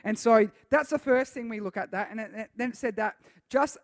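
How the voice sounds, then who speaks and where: A man preaching a lively sermon to a youth group, acting out voices and reading scripture aloud. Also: high voice, a little fast, no room sound, studio quality. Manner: animated, acts out voices and reads scripture aloud.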